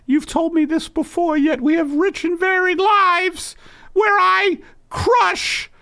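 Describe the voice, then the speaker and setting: A man's voice: lively intonation, a little slow, clear, resonant tone, exaggerated voice. A man voicing a fretful, indignant older wife in an improvised comedy sketch. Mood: shrill protest. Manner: shrill, indignant, rising to shouts.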